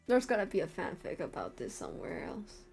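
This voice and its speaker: A woman's voice: on the low side, wildly swooping pitch, fairly quick, vocal fry, darkish tone, soft background music. A young woman streaming a visual novel, reacting in a flustered, joking way with bursts of laughter. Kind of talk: live-streamed game reactions.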